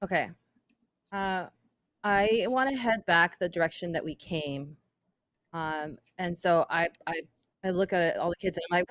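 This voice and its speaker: A woman playing a tabletop horror game, asking quick questions and planning an escape. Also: on the low side, fairly bright tone, no room sound, studio quality. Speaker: player. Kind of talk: tabletop role-play, in character.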